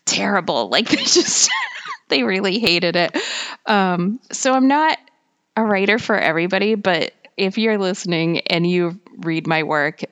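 A woman's voice: fairly low pitch, moderate pace, a bit bright. A woman writer talking alone on her podcast in a rambling, chatty way, with a slightly whiny voice, many fillers and frequent laughter. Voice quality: self-described whiny voice. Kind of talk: casual solo monologue.

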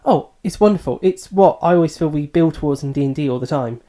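Man, podcast co-host, warm mellow tone, hedging and thoughtful, casual book talk. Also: fairly high pitch, fast talker. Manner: thoughtful, hedging, self-deprecating.

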